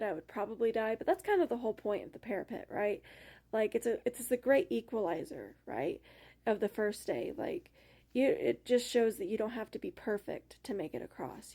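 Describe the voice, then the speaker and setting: Young woman rambling about a book, lots of ums and likes, gravelly mellow voice. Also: mid-range voice. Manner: chatty, rambling, many fillers and laughs. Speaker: book club vlogger. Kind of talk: casual book discussion.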